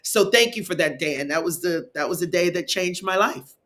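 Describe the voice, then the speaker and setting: A woman speaker on a live panel, telling a personal story in an emphatic, expressive way. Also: on the low side, normal speed. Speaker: keynote speaker and wellness coach.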